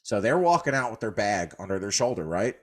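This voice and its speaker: Low-voiced man telling stories. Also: very animated, brisk. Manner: rambling, profane storyteller. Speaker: podcast co-host. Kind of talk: casual storytelling chat.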